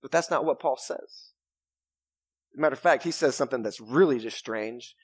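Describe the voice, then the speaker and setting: A man's voice: mid-range voice, normal speed, slightly rough, no echo. A pastor preaching an earnest, conversational sermon and repeating phrases as he goes. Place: church sanctuary.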